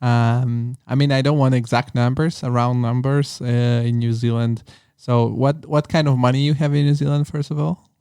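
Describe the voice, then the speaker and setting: A male podcast host asks his guest questions in a casual, curious way, often stumbling and restarting mid-sentence. His voice sits at a middle pitch and sounds clean and clear. The sound is close and dry. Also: steady tone, normal speed, hardly any pauses, dark tone, no room sound.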